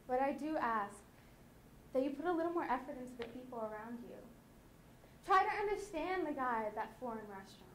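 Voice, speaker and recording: A teenage girl with a high voice gives a chatty, lively talk to her peers. Her voice rings around a roomy school auditorium with a faint hum behind it. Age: late teens. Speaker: student speaker. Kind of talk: youth conference talk. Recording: echoey hall.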